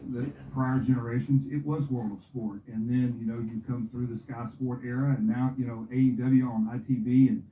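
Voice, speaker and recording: Guy on radio, emphatic, dark tone, sounds a bit far away. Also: mid-range voice, steady tone, moderate pace, hardly any pauses, a little hiss or hum. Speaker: guest wrestling promoter. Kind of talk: casual radio studio chat. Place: radio studio. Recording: echoey studio, a little off-mic.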